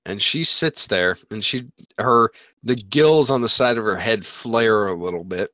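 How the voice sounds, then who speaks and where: Young man as GM, bright tone, dry close sound, rambling scene narration. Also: lowish voice, measured pace, no room sound. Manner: descriptive, rambling with restarts. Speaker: game master. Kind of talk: narrating a tabletop game.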